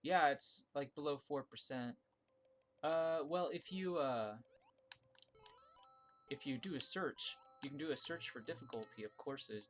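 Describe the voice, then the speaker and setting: A man giving casual live-stream commentary while playing viewer-made game levels, thinking aloud with restarts and fillers, and yelping when something surprises him. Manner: bursts of high excitement at surprises.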